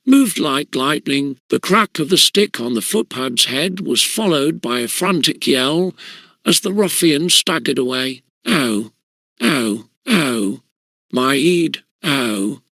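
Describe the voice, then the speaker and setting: A man reading a classic schoolboy story aloud in measured, steady narration. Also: on the high side, no room sound. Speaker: audiobook reader.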